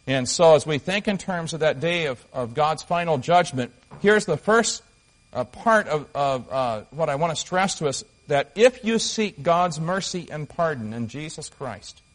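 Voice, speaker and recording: Earnest male preacher, slightly high voice. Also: rough recording. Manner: earnest, emphatic preaching with pauses and restarts. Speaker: pastor. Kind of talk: sermon.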